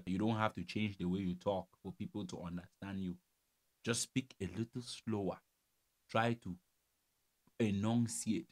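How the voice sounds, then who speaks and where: A man's voice: on the low side, a bit bright. A man from Cameroon, giving casual, teasing reaction commentary and laughing often. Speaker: reaction video host.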